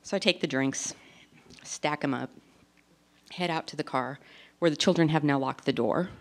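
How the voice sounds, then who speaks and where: A woman in her forties performing a self-deprecating stand-up comedy routine, telling stories with animated delivery. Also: low voice, normal speed. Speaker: stand-up comic.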